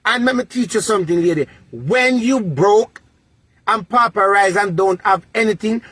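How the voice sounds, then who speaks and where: High-voiced Jamaican man scolding. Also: normal speed, a bit bright, husky, no echo. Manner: lecturing, repetitive, sing-song preaching cadence. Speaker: vlogger. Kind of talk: scolding social media rant.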